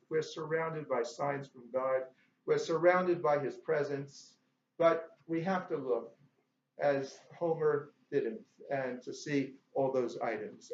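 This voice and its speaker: A man's voice: a little high, a little hiss or hum. A man giving a lecture as guest speaker, jovial and anecdotal, talking to the audience between stories. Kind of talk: lecture with humorous storytelling. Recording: echoey hall, dull lo-fi sound.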